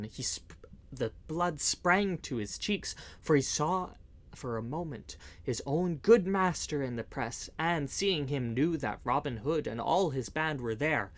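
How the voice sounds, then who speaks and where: A man narrating an old-fashioned adventure story, reading it aloud in a measured, expressive way. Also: a little high. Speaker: audiobook reader.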